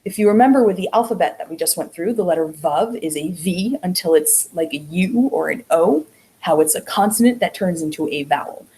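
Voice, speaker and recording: A woman's voice: lowish voice, lively intonation, warm tone, rough recording. A woman teaching an online beginner language class, explaining step by step and drawing out the vowel sounds she demonstrates. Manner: drawn-out sounds when showing vowels.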